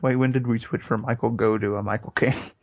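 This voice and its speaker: A man's voice: medium pitch, fairly even intonation, a little fast. A young man co-hosting a casual comedy podcast, laid-back and laughing often as he riffs. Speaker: podcast co-host. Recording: dull lo-fi recording.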